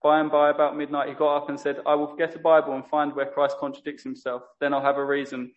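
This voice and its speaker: Male lay preacher, earnest and self-correcting, higher monotone, muffled recording. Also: fast talker. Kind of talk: sermon.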